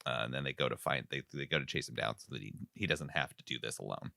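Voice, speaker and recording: A man co-hosting a podcast, recapping a movie in casual chat and telling it in an animated way. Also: extremely low pitch, quick pace, gravelly, slight background noise. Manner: animated storyteller, jumps into silly voices. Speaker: podcast co-host.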